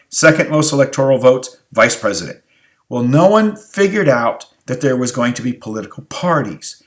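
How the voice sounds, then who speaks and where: A tired male history teacher delivers a recorded exam review lecture in a mid-range, fairly bright voice. He asks rhetorical questions and repeats key phrases.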